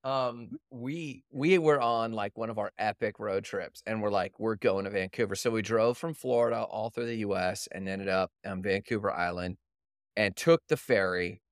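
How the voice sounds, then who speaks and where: Laughing, animated male podcast host. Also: on the low side, moderate pace, clean tone, no echo, studio quality. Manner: animated storyteller, acts out quotes, laughs often. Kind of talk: casual chat storytelling.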